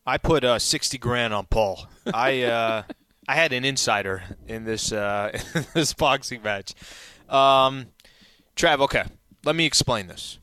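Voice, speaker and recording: A man co-hosting a sports talk radio show, joking and interjecting quickly. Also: mid-range voice, sharp tone, clean tone, no echo.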